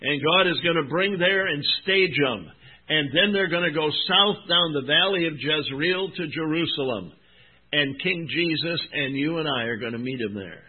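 A man preaching a sermon, reading scripture with emphatic, drawn-out stresses and calling his listeners "my friend" and "folks.". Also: on the high side, husky. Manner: emphatic, drawn-out Bible reading, rising and dropping in volume. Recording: tinny phone-like recording.

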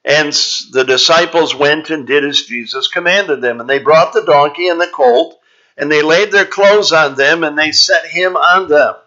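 Guy preaching a bible sermon, kinda high bright voice, slow careful explaining w lots of uh's, muffled lofi recording. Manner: measured, explanatory, with frequent "uh" pauses.

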